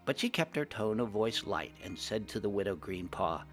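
A man narrating a fantasy adventure story, genteel and animated in first person. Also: on the low side, moderate pace, hardly any pauses, soft background music. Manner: genteel and animated, playing the old gnome monk narrator.

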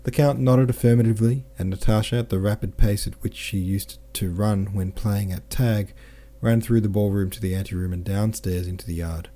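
Reading a classic novel aloud, this male audiobook narrator has a mellow, lowish voice with fairly even intonation. He keeps a normal speed with few pauses, giving each character's dialogue a mild shift in tone.

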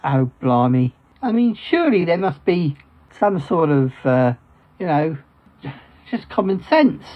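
A man's voice: a little high, sing-song, unhurried. A man playing Martin, a sheepish, awkward friend who stammers, in a comedy sketch. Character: sheepish, hesitant male friend. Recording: dull lo-fi sound, faint music.

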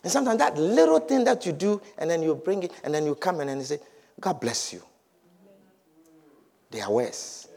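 A man preaching a sermon, repeating his points emphatically and swinging between loud declarations and hushed low lines. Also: sing-song, quick pace, vocal fry, few pauses. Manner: repetitive, emphatic, swings from shouts to low murmurs.

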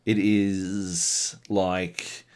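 Man, lowish voice, casual podcast chat, profane, animated storytelling. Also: very slow, smooth. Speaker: podcast co-host.

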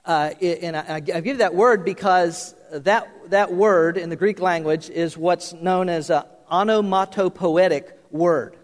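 An older man preaches in a folksy, joking way, his voice pitched fairly high. He slips in plenty of fillers and restarts. His words ring out with a long hall reverb. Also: a little slow, hardly any pauses. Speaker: pastor. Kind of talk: sermon.

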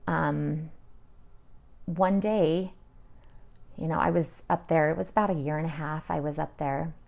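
Gravelly low-voiced woman telling her story. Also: fairly even intonation, unhurried, darkish tone. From Utah. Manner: chatty, acts out her own past dialogue, many fillers. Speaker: interview guest. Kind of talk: casual personal storytelling.

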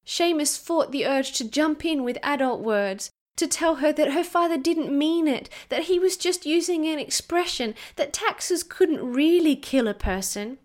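A woman narrating a storybook in a slow, measured reading. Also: high-pitched.

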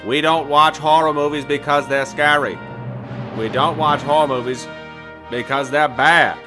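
A man's voice: a little high, fairly even intonation, measured pace, over music, natural voice. A man voicing a stiff male politician with a put-on Boston accent, delivering formal campaign lines. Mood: stern.

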